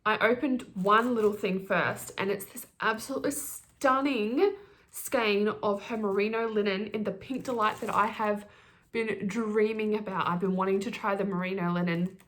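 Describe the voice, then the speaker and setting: A middle-aged woman talks fast in a casual knitting podcast chat. She gushes and gets giddy over each skein she unboxes. Her voice sits at an ordinary middle pitch for a woman. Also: steady tone, fairly bright tone. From Australia. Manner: gushing, fast-talking, giddy.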